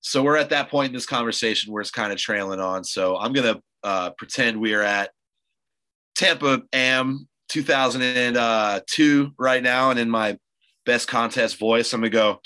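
Bright-voiced laid-back male podcast host. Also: medium pitch, normal speed, smooth, low-quality recording. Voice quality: loose, rambling storyteller with many fillers. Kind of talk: casual chat.

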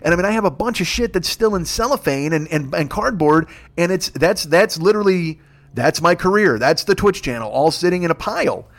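A man's voice: sits high, lively intonation, a little fast, a bit bright. A man in his fifties, a comedian and podcast host, telling a rambling, profane story with exasperated rants. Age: 50s. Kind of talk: storytelling monologue.

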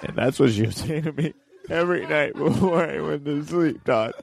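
A man who is a guest comedian, bantering on a podcast with a deadpan, mock-offended delivery. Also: fairly high pitch, moderate pace, vocal fry.

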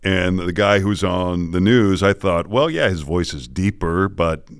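A middle-aged man with a General American accent, a news anchor telling relaxed, self-deprecating stories in a casual interview. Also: low voice, measured pace, clear, resonant tone, no room sound, studio quality. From Boston area, US. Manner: relaxed storyteller, self-deprecating, chuckles often. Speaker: morning news anchor, podcast guest. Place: podcast studio.

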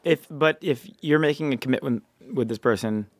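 A man co-hosting a casual podcast chat, giving relationship advice while thinking out loud, with frequent stammering restarts. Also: mid-range voice, normal speed, no echo. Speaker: co-host.

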